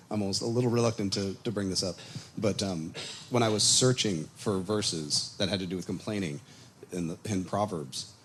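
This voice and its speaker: A man leads a casual Bible study on a microphone, telling the story in an animated way. His voice sits low, with faint background hiss. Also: moderate pace. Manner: animated storytelling, acts out quotes, chuckles. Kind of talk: casual teaching. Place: congregation meeting room. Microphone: microphone on a PA system.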